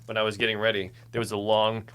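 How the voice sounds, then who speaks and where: A man's voice: on the low side, monotone, fast talker, fairly bright tone, clear, resonant tone. A man hosting a podcast in casual chat, telling rambling stories with stammered restarts. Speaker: podcast host.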